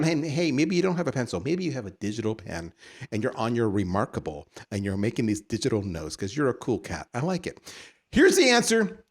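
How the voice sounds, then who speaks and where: A man's voice: medium pitch, very animated, normal speed. A man with a Canadian accent hosting a podcast, delivering a theatrical, teasing rant that builds to punchlines. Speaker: podcast host. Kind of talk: ranting podcast monologue.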